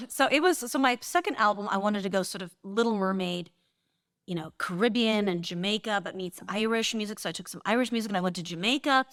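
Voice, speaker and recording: Lively woman telling stories in an interview. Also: mid-range voice, no echo, studio quality. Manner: animated, laughs often, acts out quotes. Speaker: guest, singer and composer. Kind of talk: casual interview storytelling.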